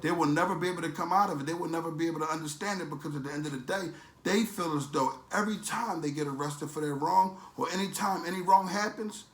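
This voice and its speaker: A man's voice: a little high, fairly bright tone, echoey room. A man ranting in a preachy, motivational way as a vlogger, with emphatic, streetwise, repetitive phrasing. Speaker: vlogger promoting a supplement.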